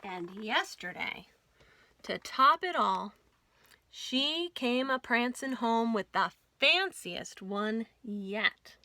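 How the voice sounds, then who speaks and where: A woman librarian reading a Western picture book aloud at storytime, with expressive, folksy storytelling. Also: fairly high pitch, slow. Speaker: children's librarian.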